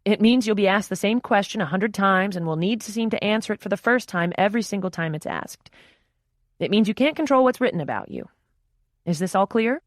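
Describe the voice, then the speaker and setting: Woman voicing a brisk, serious publicist. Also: medium pitch, expressive, no echo, clean studio sound, pitched above the performer's own voice, close to an everyday voice. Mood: firm. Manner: crisp, firm, businesslike.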